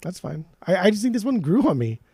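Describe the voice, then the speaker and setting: A man co-hosting a podcast in loose, casual chat, blunt and jokey with lots of cursing. His voice is slightly higher than average but mellow and dark in tone. The sound is dry and close, with no room around it. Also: very animated, fast, gravelly, husky, dry recording. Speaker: podcast co-host.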